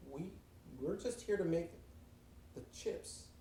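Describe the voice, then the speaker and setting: A man's voice: sits high, takes it slowly, warm tone, roomy sound, recorded from a distance, a little hiss or hum, pitched above the performer's own voice. A man voicing nervous male scientists who stammer and hesitate when answering their boss. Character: timid male scientists at a company.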